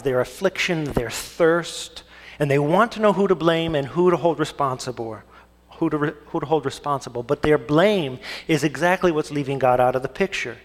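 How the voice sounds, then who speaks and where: A young man preaching a sermon from the pulpit. His voice sits a little higher than most men's. He keeps turning questions back on the congregation, and a long reverb trails every phrase through the sanctuary. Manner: asks the congregation rhetorical questions. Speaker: pastor.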